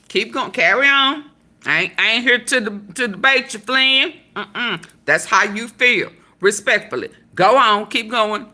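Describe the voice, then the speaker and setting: A woman's voice: a little high, measured pace, pushed and bright. A woman vlogger giving casual commentary to her viewers, with sassy, laughing asides.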